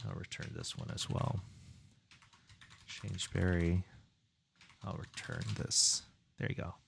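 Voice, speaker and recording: A man's voice: low voice, wildly swooping pitch, takes it slowly, vocal fry, slight background noise. A man streaming his indie game development, chatting casually, muttering to himself and reading viewer chat aloud while he works.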